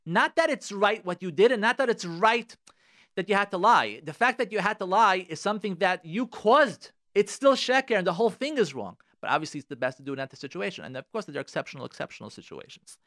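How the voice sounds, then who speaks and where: A man's voice: high-pitched, big pitch swings, fast, a bit bright, no room sound, studio quality. A man, a rabbi and marriage therapist, giving advice on the radio, emphatic and repetitive, with Hebrew and Yiddish words in his talk.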